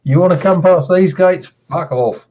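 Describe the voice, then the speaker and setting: Man, stream co-host, dry one-liners, swears, fairly high voice, muffled with faint noise. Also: moderate pace. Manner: dry wisecracks, reads chat. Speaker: livestream co-host. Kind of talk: casual profane banter.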